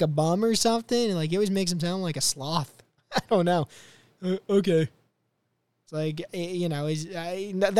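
A young man hosts his podcast in a rambling, casual way, reacting to clips with plenty of "like" and "you know." His voice is fairly high for a man and smooth, and it sits close and dry with no room around it. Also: darkish tone, no room sound. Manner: rambling, filler-heavy. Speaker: podcast host.

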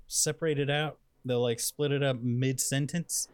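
A man's voice: medium pitch, normal speed, dry recording. Emphatic man rambling in a dry room. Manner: emphatic, rambling storyteller with restarts. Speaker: podcast co-host. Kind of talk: casual comedic chat.

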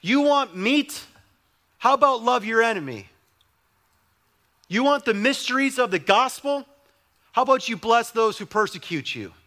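A man's voice: very high-pitched, animated, measured pace, long pauses, pushed and bright. A young adult male pastor preaching a sermon in a conversational way, with emphatic repetition.

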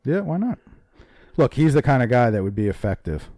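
A man's voice: medium pitch, big pitch swings, a little fast, dark tone, dry recording, studio quality. A man co-hosting a casual sports talk podcast, blunt and opinionated, swearing freely. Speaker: podcast co-host. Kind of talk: casual hockey chat.

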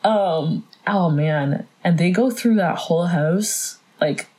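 A woman co-hosting a casual podcast chat, animated, laughing often and acting out quotes. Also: on the low side, takes it slowly, poor audio. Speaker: podcast co-host.

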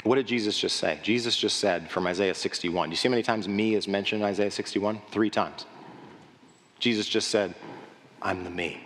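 A man preaching a lively sermon in a church, asking the congregation questions and acting out the voices of the crowd. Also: fairly low pitch, fairly quick. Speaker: pastor. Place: church sanctuary. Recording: long hall reverb.

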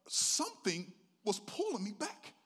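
A middle-aged male pastor preaching a sermon, telling his own story in a sing-song preaching cadence that swells from hushed to loud. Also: sits high, huge pitch swings, unhurried, husky.

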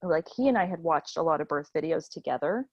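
A woman in her thirties telling the story of giving birth in a casual chat, animated and emotional, laughing often and near tears. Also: quick pace, no echo, lo-fi sound. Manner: animated, laughs often, acts out quotes in a high voice.

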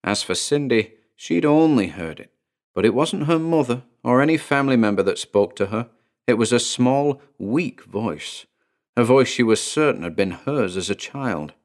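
A man narrating his own first-person horror story in a measured, deliberate way, slowing down on key phrases. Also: medium pitch, expressive, a little mellow. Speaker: narrator and author.

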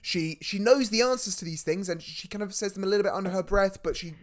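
A man co-hosting a film podcast in casual chat, rambling and excitable, with many restarts. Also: sits high, quick pace. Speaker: podcast co-host.

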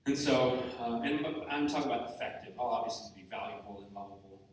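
A man with a medium-pitched voice speaks fairly quickly to a live audience at a retreat, giving a candid talk full of jokes and self-deprecation. The mic is far away in a large, echoey hall.

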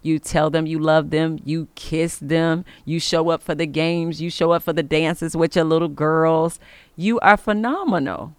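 Woman podcast host, smooth and resonant, preacher-style encouragement, dry close mic. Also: low-pitched, steady tone, measured pace, no echo. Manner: emphatic, preacher-like, giving blessings. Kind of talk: inspirational faith podcast monologue.

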